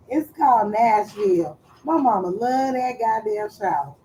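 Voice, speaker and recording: A woman chatting casually on a live stream, loud and playful, swearing freely and trailing off as she searches for words. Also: medium pitch, expressive, slow pace, few pauses, a little hiss or hum, poor audio.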